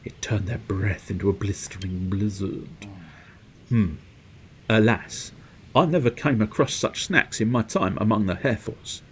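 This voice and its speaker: A man's voice: lowish voice, measured pace, a little hiss or hum, natural voice. A man playing a florid, eccentric adventurer. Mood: wistful.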